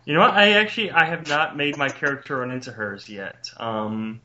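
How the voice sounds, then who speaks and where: A man's voice: a little high, sharp tone, slight background noise. A man hosting a casual podcast chat with friends over a call, joking and teasing with mock exasperation. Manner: joking, exasperated, quick to laugh. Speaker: podcast host. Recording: muffled lo-fi call audio.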